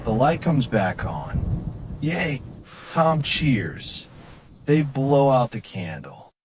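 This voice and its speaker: A man narrating a children's bedtime story in a calm, expressive way. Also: mid-range voice, slow, background noise. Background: music.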